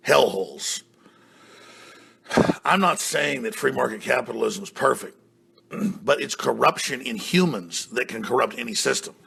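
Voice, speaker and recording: A man hosting a broadcast talk show, delivering an impassioned rant that swings from low muttering to roaring shouts, with a gravelly, husky voice.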